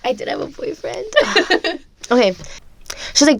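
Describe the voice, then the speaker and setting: With an expressive, creaky and fairly bright medium-pitched voice, the podcast guest relates a childhood story at a moderate pace. She chats freely, leans on "like" a lot and voices her family's conversations.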